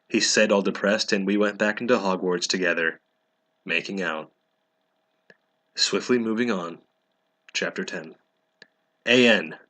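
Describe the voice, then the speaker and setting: A man reads aloud in a deadpan, mocking tone. His voice sits a little low but sounds bright and sharp, and he takes his time with every line. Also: unhurried, long pauses. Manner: sarcastic, deadpan, breaks into laughter. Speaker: comedic reader. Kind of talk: mocking dramatic reading of fan fiction.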